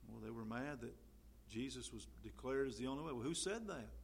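Man, sermon, conversational, filler words, mid pitch. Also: lively intonation, fairly quick, vocal fry, a little hiss or hum. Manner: conversational preaching with many fillers, rising loud on scripture. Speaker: preacher.

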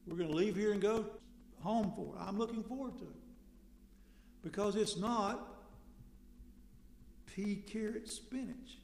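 A man preaching a sermon in a conversational way, asking rhetorical questions and suddenly getting loud for emphasis. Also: high voice, vocal fry, a little hiss or hum. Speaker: pastor. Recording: echoey hall with long reverb.

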